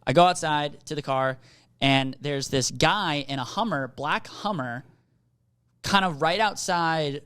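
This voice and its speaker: A man's voice: fairly high pitch, unhurried, smooth, no echo, clean studio sound. A young man from Minneapolis, co-hosting a comedy podcast, telling a long rambling story with swearing and acted-out dialogue. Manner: rambling, animated, swearing, acts out quoted people. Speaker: podcast co-host.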